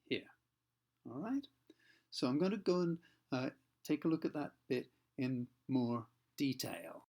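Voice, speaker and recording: A man teaching pronunciation in a patient, step-by-step way. He slows down to model sounds carefully and keeps checking that the listener is following. His voice sits at an ordinary middle pitch. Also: big pitch swings, vocal fry, darkish tone. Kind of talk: explanatory lesson for learners.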